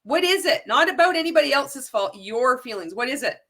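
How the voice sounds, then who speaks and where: A woman's voice: high voice, big pitch swings, a little fast, fairly bright tone. A woman talking straight to her viewers in a casual commentary, firing off rhetorical questions and often restarting her sentences. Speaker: anti-MLM video creator. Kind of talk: casual direct-to-camera commentary.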